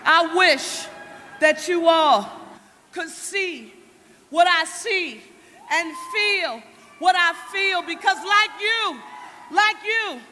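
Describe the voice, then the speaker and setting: A woman mayor, shouting a rally speech and leading the crowd in call and response. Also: very high voice, very slow, a little hiss or hum. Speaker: city mayor speaking at a rally. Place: large indoor rally hall with cheering crowd. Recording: echoey hall, roaring crowd.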